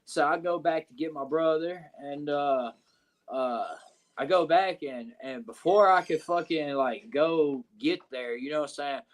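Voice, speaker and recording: Man, slightly high voice, animated and profane, casual storytelling. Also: a little slow. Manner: animated, profane storytelling with many "you know what I'm saying" fillers. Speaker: wrestler guest.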